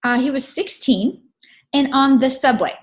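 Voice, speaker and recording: A woman with a slightly high voice retells a training session to a group. She tells it as a lively, casual story and keeps checking in with her listeners along the way. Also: measured pace. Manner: animated, checks in with listeners often. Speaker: presenter recapping a training event.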